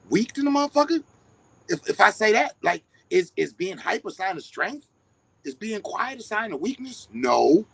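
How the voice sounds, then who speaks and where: Gravelly, high-energy man ranting. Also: fairly bright tone, slight background noise, poor audio. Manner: high-energy, passionate, profane; confrontational, emphatic. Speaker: live-stream host. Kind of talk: heated casual monologue.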